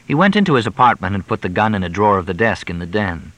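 A man reading a crime novel aloud in measured, even storytelling narration. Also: on the low side, no room sound, low-quality recording. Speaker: audiobook narrator.

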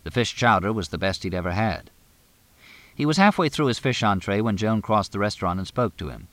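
Low, dry-sounding man narrating a novel at a steady, measured pace. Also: dry recording. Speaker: audiobook narrator. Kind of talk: scripted narration.

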